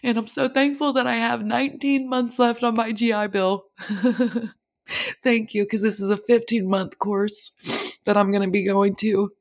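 Young woman podcaster, raspy fry in her voice, candid and emotional, swears a lot. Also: fairly high pitch, little pitch movement, a little slow. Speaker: podcast host. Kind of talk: personal monologue podcast.

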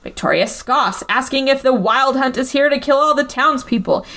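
A woman hosting a podcast, recapping a movie in a casual, comedic way. She is animated and swears freely. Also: sits high, normal speed. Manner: animated and profane, acts out quotes.

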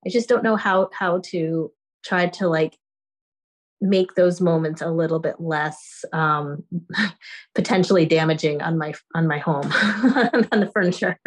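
A woman's voice: low-pitched, fairly even intonation, unhurried. Hesitant mother asking for advice. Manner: hesitant, restarts often, laughs softly. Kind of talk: conversation.

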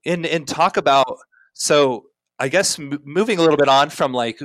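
A man's voice: on the high side, normal speed, fairly bright tone, no room sound. A young man talking as a podcast guest, telling long anecdotes with plenty of fillers and restarts in a casual chat. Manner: rambling storyteller, many fillers.

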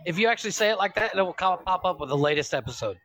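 Higher-voiced, giggly male co-host. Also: expressive, very fast, a loud crowd. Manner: laughs often, chimes in with short remarks. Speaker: podcast co-host. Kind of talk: casual podcast chat.

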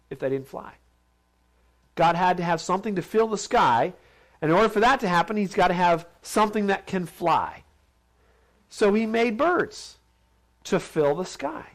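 A man teaching a Bible lesson in a conversational, questioning way. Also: fairly high pitch. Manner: conversational, asks questions, acts out others' voices. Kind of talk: informal sermon to a group. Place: large steel building.

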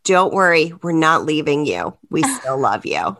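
A woman's voice: sits low, very animated, measured pace, fairly bright tone. Teasing, hearty-laughing woman podcaster. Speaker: podcast co-host. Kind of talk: casual chat.

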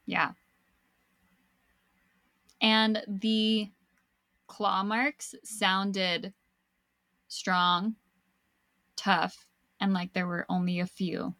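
A young woman telling a personal story in casual chat, animated and swearing freely as she acts out what people said. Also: medium pitch, very slow, pauses often, dry recording. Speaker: podcast guest storyteller.

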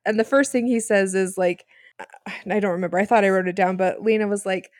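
A woman co-hosting a podcast, chatting casually with quick quips and frequent laughter. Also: mid-range voice, steady tone, a little mellow, no room sound, studio quality. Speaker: podcast co-host. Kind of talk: casual recap chat.

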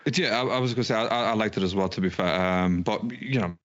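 A man's voice: lowish voice, quick pace, muffled recording. A man co-hosting a casual podcast, rambling with fillers and restarts. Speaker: podcast co-host. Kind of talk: casual chat.

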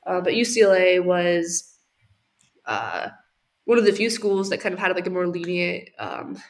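A woman's voice: on the low side, lively intonation, moderate pace. Hesitant young woman guest. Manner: hesitant, many restarts and fillers. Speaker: podcast guest, doctoral student. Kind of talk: casual interview answers.

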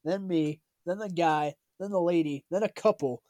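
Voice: medium pitch, normal speed, mellow, dry recording. A speaker casually retelling a bar story with a friend, laughing often and acting out the people involved.

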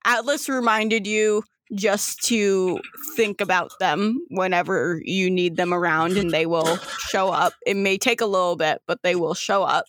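A woman's voice: on the low side, fairly even intonation, measured pace, hardly any pauses, fairly bright tone. A young woman acting as game master, explaining the scene with frequent ums and restarts. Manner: hesitant, filler-heavy explaining. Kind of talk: narrating a tabletop game.

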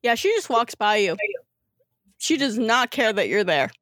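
A woman's voice: fairly high pitch, sing-song, a little slow, a bit bright, no room sound, clean studio sound. A woman running a tabletop game as game master, teasing and blunt with her players. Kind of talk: narrating a tabletop game over voice chat.

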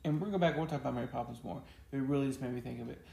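A man's voice: medium pitch, very fast, creaky, mellow, reverberant. A man co-hosting a podcast in casual chat, joking and teasing his co-host. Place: home studio. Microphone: podcast mic.

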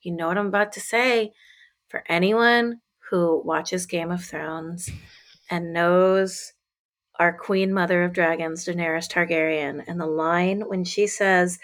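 A young adult woman co-hosting a podcast, speaking candidly and emphatically. She talks in loose, relaxed chat and drops the odd swear word. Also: fairly low pitch, slow. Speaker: podcast co-host. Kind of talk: casual chat.

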